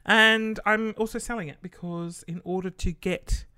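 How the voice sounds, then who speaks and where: A man's voice: high-pitched, fairly even intonation, moderate pace, pushed and bright, clear, resonant tone, no echo. Brief: Australian man, casual monologue host, loose and sweary, dry recording. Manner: chatty and rambling, swears casually, many fillers.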